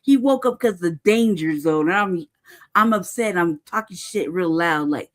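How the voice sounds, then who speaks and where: A woman's voice: on the low side, lively intonation, normal speed. A woman angrily recounting events in casual, profane chat, stressing each point and often tagging "right?". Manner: heated, profane, emphatic; peppers talk with "right?" and "cuz". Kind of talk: casual storytelling.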